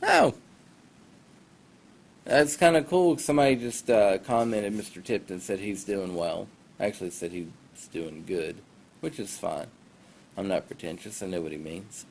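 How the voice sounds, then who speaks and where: A man's voice: low voice, a little slow, gravelly. A male teacher casually giving class announcements over a phone livestream, rambling and poking fun at himself. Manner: chatty, rambling, self-deprecating asides.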